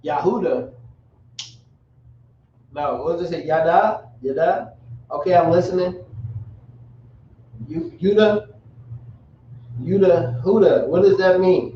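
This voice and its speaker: High-voiced man teaching in a roomy space. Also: slight background noise. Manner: spells words out slowly, casual slang asides. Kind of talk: classroom language lesson. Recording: roomy, dull, from a distance.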